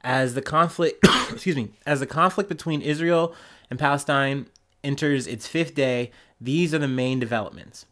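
Here a male podcast host with a mid-range, slightly bright voice talks at normal speed on a casual news show. A cold leaves him congested and nasal, and he rambles loosely into his podcast microphone, restarting and using fillers.

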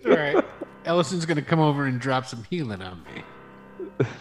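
Man from New York, game player, lively higher pitch, playful joking table talk. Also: moderate pace. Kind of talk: casual game table chat.

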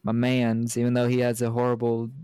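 A man's voice: mid-range voice, completely flat delivery, a little fast, warm tone, clear, resonant tone, dry recording. A man from the United States co-hosting a casual movie podcast, rambling through the plot with jokes and frequent laughs. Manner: rambling, joking, laughs often. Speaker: podcast co-host. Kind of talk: casual movie recap chat.

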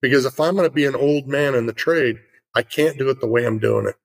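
A man's voice: mid-range voice, fast talker, vocal fry, poor audio. A middle-aged man in casual conversation, telling an earnest story with lots of fillers.

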